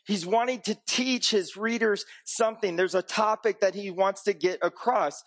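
A man with a notably high voice delivers a sermon in a relaxed, conversational teaching style. He leans on rhetorical questions and dry jokes, rising to emphatic peaks before sinking into low, quiet stretches. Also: moderate pace. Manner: swings between raised emphatic passages and low, quiet ones. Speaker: pastor.

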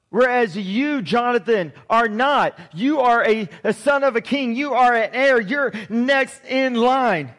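A man preaching a sermon, retelling a scripture story in a lively way and reading verses aloud. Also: very high voice.

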